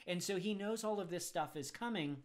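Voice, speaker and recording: A man's voice: high voice, a little fast. A man teaching as he answers viewer questions about the Bible, conversational and thinking aloud. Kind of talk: casual Bible Q&A.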